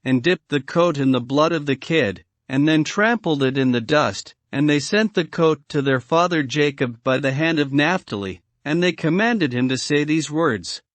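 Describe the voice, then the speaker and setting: A man's voice: a little high, no echo. A man reading an old scriptural story aloud in a solemn archaic style, calling out verse numbers. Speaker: narrator.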